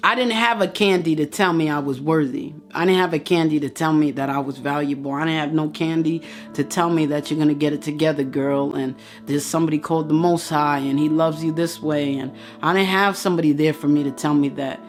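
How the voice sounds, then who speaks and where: A woman's voice: low voice, fairly even intonation, a little fast, hardly any pauses, faint music behind. A woman giving an impassioned motivational address, preaching straight at her listeners and repeating phrases for emphasis. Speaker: motivational speaker.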